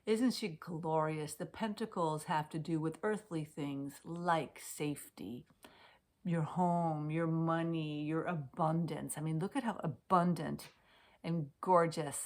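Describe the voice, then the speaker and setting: A woman's voice: low-pitched, a little slow. A woman coaching decluttering, speaking straight to camera on a computer, dropping to near-whispers and rising to emphatic declarations. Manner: intimate, swings from soft whispers to emphatic declarations. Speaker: Swedish death cleaning coach. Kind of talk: heartfelt direct-to-camera talk. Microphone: webcam on a computer.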